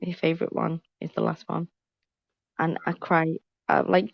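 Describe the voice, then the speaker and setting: A woman with a heavily gravelly, fry-laden voice, talking bluntly on a stream panel. Her sound comes through a dull, lo-fi online call with a dry, close feel. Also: sits low, little pitch movement, moderate pace, no echo. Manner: blunt, emphatic, repeats herself. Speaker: panel guest on a live stream. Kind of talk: casual chat, storytelling.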